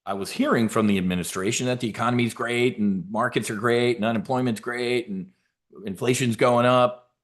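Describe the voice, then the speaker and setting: A man's voice: medium pitch, fairly even intonation, a little fast. A middle-aged man hosting a market briefing for trading members, brash and emphatic, with frequent fillers and restarts.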